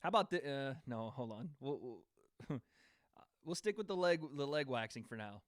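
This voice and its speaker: A man's voice: mid-range voice, lively intonation, normal speed, no room sound, studio quality. A young man hosting a casual livestream, laughing and bantering with chat before giving fight predictions. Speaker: livestream host.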